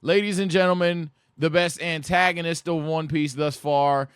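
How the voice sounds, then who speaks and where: A young man riffing on an anime in a loose, slangy way, often stumbling over repeated words when he gets worked up. His voice sits a little high. The sound is dry and close to the mic. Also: steady tone, normal speed, clear, resonant tone, dry recording. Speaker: anime reaction streamer. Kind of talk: casual commentary on an anime.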